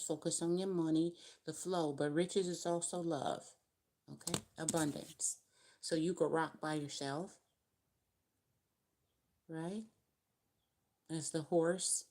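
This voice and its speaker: A woman's voice: low voice, warm tone. A woman giving a casual tarot reading to viewers, musing and thinking aloud as she counts out cards. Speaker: tarot reader.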